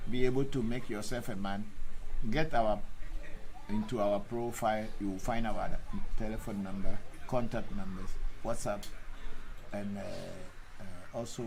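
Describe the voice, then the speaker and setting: A man's voice: medium pitch, rough recording. Blunt man answering a live Q&A. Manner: blunt, combative replies to critics, repeats himself for emphasis. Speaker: Vodu priest answering viewer questions. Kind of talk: live Q&A reading out viewer comments.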